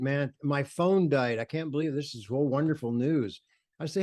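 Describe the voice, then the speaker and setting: A man's voice: mid-range voice, a little fast, darkish tone. An older man, a photographer, telling stories in an interview with enthusiasm, acting out the voices of people he quotes. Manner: enthusiastic, acts out quoted voices, many fillers and restarts. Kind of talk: animated storytelling in conversation.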